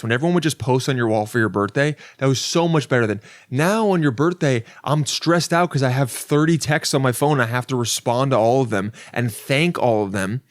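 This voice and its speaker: With a dry, studio-quality recording, this man speaks in a mid-range voice as a comedian running a casual solo podcast. His talk is rambling and self-interrupting, full of restarted sentences and wry, profane asides.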